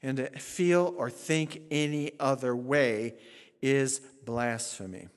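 A male pastor preaching a sermon, swinging from loud, fiery emphasis to hushed, low asides. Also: slow pace, big-room sound.

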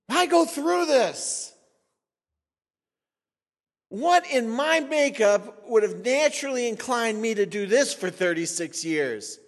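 A man in his sixties preaching a sermon as a pastor in an animated, sarcastic, conversational way. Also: extremely high pitch, slow. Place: church sanctuary. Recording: reverberant church sanctuary.

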